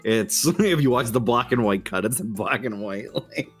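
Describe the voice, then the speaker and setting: A man's voice: mid-range voice, expressive, normal speed, breathy edge. A man co-hosting a podcast in casual chat, explaining things and laughing often, with faint music behind. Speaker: podcast co-host.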